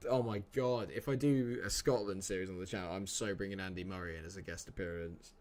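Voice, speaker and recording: Bloke streaming, jokey and chatty, reads out chat names, lowish voice. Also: male voice, fairly even intonation, fast, hardly any pauses, a little mellow. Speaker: live-streamer. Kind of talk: casual live-stream chat.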